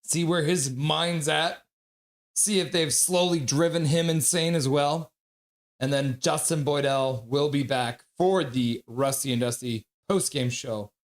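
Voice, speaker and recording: A man hosting a live hockey watch-along stream, joking around and greeting viewers from chat in a casual way. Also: medium pitch. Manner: jokey, reads chat messages aloud and greets viewers.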